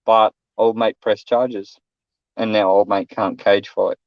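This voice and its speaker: A man's voice: fairly low pitch, level tone, slow pace, dry recording. A middle-aged Australian man telling a story in casual chat, blunt and swearing, acting out what people said. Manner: blunt, swearing, acts out quotes loudly. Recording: dull, dry lo-fi sound.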